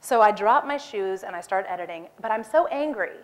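A woman in her forties giving a talk on stage, lively and acting out her own lines with a raised voice. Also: mid-range voice, a little fast. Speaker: speaker. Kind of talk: animated personal storytelling talk.

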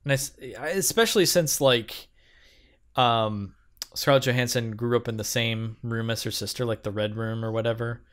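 A man's voice: medium pitch, normal speed, smooth. A man co-hosting a movie podcast, talking casually and hesitantly, often stopping to find his words. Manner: hesitant, many fillers and restarts, easygoing. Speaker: podcast co-host. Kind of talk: casual chat.

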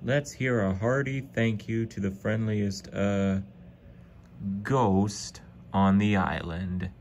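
A man's voice: fairly low pitch, fairly even intonation, takes it slowly, darkish tone, a little hiss or hum. A man voicing a cheerful male railway boss who speaks in a hearty, announcing way.

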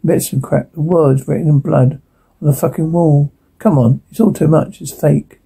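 An actor playing a blunt, cynical male police detective who swears and reasons out loud in a TV drama. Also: a little high, fairly even intonation, moderate pace, creaky, slightly rough, full character voice, rough recording. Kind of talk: TV drama dialogue.

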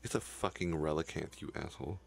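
A young man commentates his own game run with a deep, low voice. A gravelly fry runs through his speech as he curses the game in frustration. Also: fairly quick, slight background noise. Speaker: gaming YouTuber. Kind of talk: profane Let's Play commentary.

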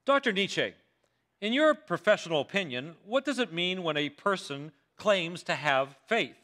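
A man's voice: sits high, expressive, normal speed, bright, forceful tone. A male pastor acting out a confident female prosecutor questioning witnesses in a pointed way. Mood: probing.

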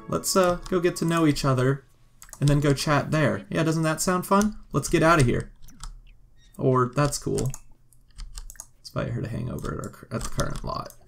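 A man's voice: mid-range voice, creaky. A man giving casual, joking gameplay commentary and talking to the game characters as he plays. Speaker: gameplay video host.

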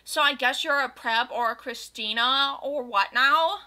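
A brash teenage goth girl who shouts her lines in big, exaggerated bursts, put on by a woman reading a story aloud. Her voice is high and very bright, with a sharp edge. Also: measured pace. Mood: indignant.

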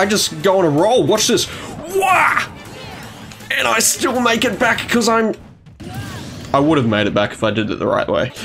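A young man commentating his own video game matches, excitable and quick to yelp, gasp and trash-talk. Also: high-pitched. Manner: excitable, yelps and gasps at plays, trash talk. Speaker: gaming YouTuber. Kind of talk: gameplay commentary.

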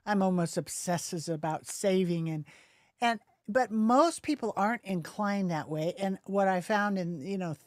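A woman's voice: lowish voice, a little mellow, dry recording, clean studio sound. Enthusiastic middle-aged woman host. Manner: enthusiastic, chatty. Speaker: podcast host. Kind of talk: casual interview.

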